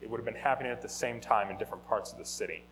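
A man teaching a Bible lesson in a conversational, animated way, often restarting and correcting himself. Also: fairly low pitch, rapid-fire, slight background noise, low-quality recording. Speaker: teacher of a Bible study or sermon. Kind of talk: informal teaching talk.

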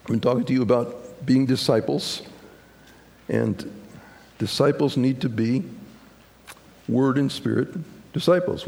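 A man preaching a sermon as pastor, talking in a folksy, halting way with fillers and restarts, to a congregation. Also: mid-range voice, creaky, darkish tone. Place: church sanctuary. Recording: long church hall reverb with congregation.

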